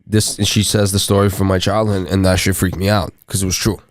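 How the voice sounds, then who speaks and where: A man's voice: deep voice, flat delivery, a little fast, dry recording, studio quality. A man co-hosting a podcast, telling stories in a laid-back, chuckling way. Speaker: podcast co-host. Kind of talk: casual storytelling.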